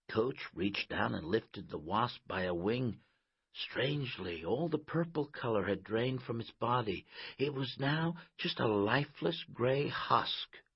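A man narrates a children's story at an unhurried pace, his low voice swinging widely in pitch. His tone is husky, and the recording is dry and slightly dull. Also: no echo. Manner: slow, expressive read-aloud.

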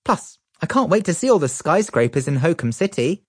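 A bookish schoolgirl, as a male reader puts her on, earnest and a bit higher than his narration. Her tone is lively and curious. The recording is close and dry. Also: brisk, breathy edge, dry recording. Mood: eager.

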